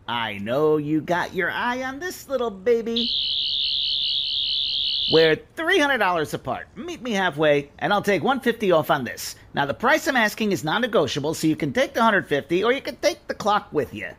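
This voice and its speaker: A man's voice: sing-song, normal speed, a bit bright, slight background noise. A man with a New York accent playing a shrewd, wisecracking pawn shop owner who haggles hard. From Queens, New York. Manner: haggling, street-smart, swinging pitch. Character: shrewd wisecracking pawnbroker, Looney Louie.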